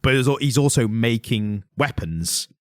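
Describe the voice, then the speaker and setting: Man co-hosting a podcast, casual chat, quick and chatty, dry close sound. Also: medium pitch, expressive, no echo. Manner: quick and chatty, acts out quotes from the comic with laughs. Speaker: podcast co-host.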